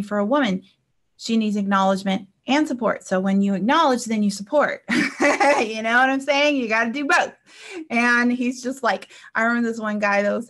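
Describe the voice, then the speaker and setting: A woman life coach with a fairly bright, mid-range voice chats with her live stream audience. Her manner is casual and anecdotal as she shares personal stories and checks in with viewers.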